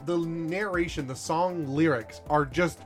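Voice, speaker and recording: A man argues and jokes his way through a casual movie chat, quick with a comeback. His voice sits very high for a man. He talks plainly and lightly, never straining. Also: faint music behind. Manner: bantering, jokey, argumentative.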